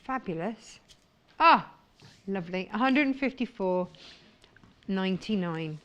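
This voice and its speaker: A woman's voice: mid-range voice, animated, measured pace, fairly bright tone, dull audio. A woman presenting sewing products on a live shopping channel, talking with gushing enthusiasm. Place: TV studio.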